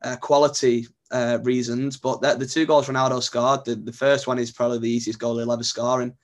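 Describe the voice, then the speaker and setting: A man's voice: mid-range voice, flat delivery, fairly quick. Easygoing man. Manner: thoughtful, analytical, easygoing. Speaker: podcast guest, club editor. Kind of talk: casual podcast chat.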